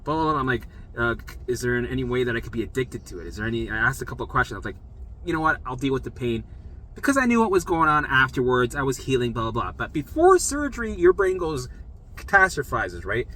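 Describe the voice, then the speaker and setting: A man telling his own story in a casual, animated monologue, acting out what others said, swearing freely and often checking in with "right?". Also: medium pitch, quick pace, poor audio. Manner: animated, acts out quoted voices, swears freely; frequent "right?" check-ins to listener. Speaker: vlogger sharing recovery story.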